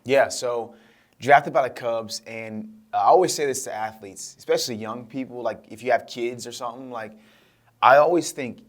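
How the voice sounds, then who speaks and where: A man's voice: mid-range voice, normal speed. A young man, a guest speaker, telling his story in an interview and acting out what people said to him. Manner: animated storyteller acting out quotes.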